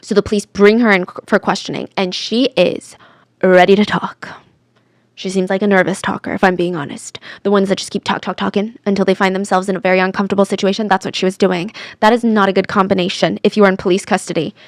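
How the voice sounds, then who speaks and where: A woman telling a true crime story in a chatty, animated way, sometimes dropping to a whisper for drama. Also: mid-range voice, quick pace, no echo, studio quality.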